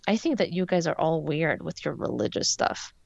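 A woman's voice: sits low, expressive, moderate pace, vocal fry, dry recording, heavily acted. A woman reading as a scornful schoolgirl bully. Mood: mocking. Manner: mocking, scornful. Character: snobby mocking schoolgirl bully. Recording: dull lo-fi sound.

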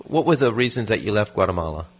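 A man's voice: fairly low pitch, expressive, fast talker, husky. A man hosting a radio interview, asking short polite questions and introducing the music. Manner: brief prompts and polite questions. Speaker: interviewer, program host.

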